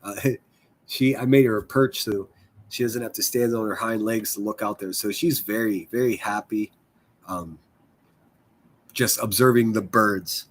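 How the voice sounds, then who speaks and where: A man chatting casually on his own livestream, loose and profane, often poking fun at himself. His voice has a slightly husky edge. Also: on the low side, unhurried. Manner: profane, rambling, self-deprecating. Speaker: livestream host.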